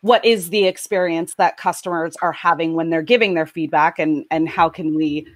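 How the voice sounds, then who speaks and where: A woman hosting an interview, asking relaxed, agreeable questions. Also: low voice, normal speed, no echo. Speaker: host.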